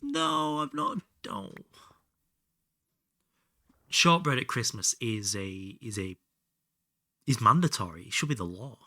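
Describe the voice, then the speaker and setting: A man's voice: mid-range voice, expressive, takes it slowly, long pauses, bright, forceful tone, no room sound. A man chatting casually with his viewers while playing a game, joking and bantering, now and then muttering under his breath. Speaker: streamer. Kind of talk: casual live-stream chat while gaming.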